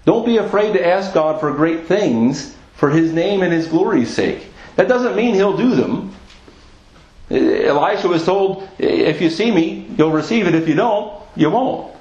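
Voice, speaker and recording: Pastor, male, slightly high voice, earnest sermon delivery, echoey lo-fi church recording. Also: expressive, measured pace, a little mellow. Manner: earnest preaching, repeats phrases for emphasis.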